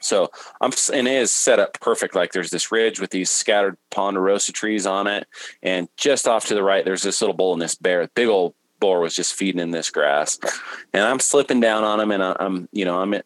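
A man guest on a podcast, telling a hunting story in a lively way and acting out his own thoughts. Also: low voice, normal speed, dry recording, rough recording. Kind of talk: casual podcast conversation, storytelling.

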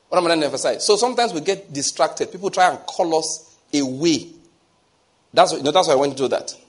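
Pastor guy preaching, kinda high voice, keeps asking rhetorical questions. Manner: storytelling, repeats phrases for emphasis, asks listeners rhetorical questions. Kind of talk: sermon with personal anecdote.

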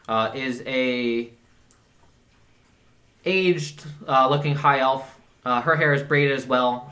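Bright-voiced male game master. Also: mid-range voice. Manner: hesitant, many fillers. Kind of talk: narrating a tabletop game.

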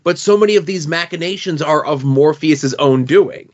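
A man's voice: fairly high pitch, moderate pace, a little mellow. Man arguing a comics point on lo-fi audio. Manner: analytical, builds an argument with questions. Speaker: podcast co-host. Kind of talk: casual comic book discussion.

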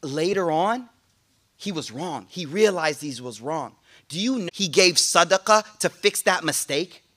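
A man giving a lively, joking sermon to a class, speaking in casual slang. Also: fairly high pitch, measured pace. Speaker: sheikh giving a talk. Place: room with a listening audience.

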